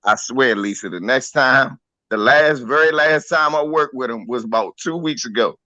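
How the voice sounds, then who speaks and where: A man co-hosting a radio talk show, telling a story in casual, profane, animated banter. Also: mid-range voice, moderate pace, no echo, highs cut off.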